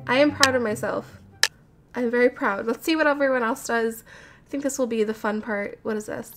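A woman gamer talks to her viewers while building in a game, chatty, nervous, and giggling. Her fairly high voice has fairly even intonation and a moderate pace, set against game audio with background music.

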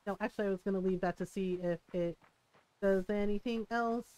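A woman's voice: medium pitch, steady tone, brisk, dark tone. A woman streaming a game live, bubbly and giggly, rambling and joking at her own expense. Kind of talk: live gameplay commentary.

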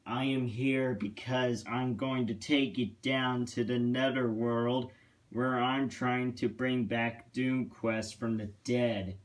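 A man's voice: mid-range voice, flat delivery, slow, natural voice. A man voicing a cross, scornful male villain engine in a storybook tale, threatening and blunt. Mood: angry.

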